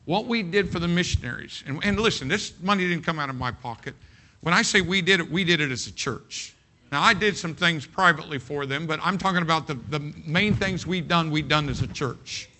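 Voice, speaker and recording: Male pastor, folksy sermon delivery, emphatic and repetitive, voice on the high side, very bright and sharp. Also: fairly quick, slight background noise. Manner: emphatic, folksy, repeats phrases.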